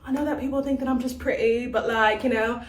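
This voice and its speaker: A woman's voice: fairly high pitch, fairly even intonation, fast talker, echoey room, lightly acted. A woman mimicking an airy young woman with a poor British accent. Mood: mocking.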